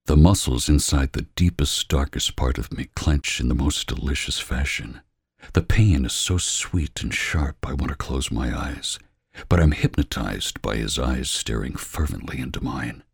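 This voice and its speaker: A man reading a romance novel aloud in a slow, hushed narration that often drops to a whisper. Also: rumbling low, creaky, slightly rough, no room sound, clean studio sound. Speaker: audiobook reader. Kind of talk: scripted narration.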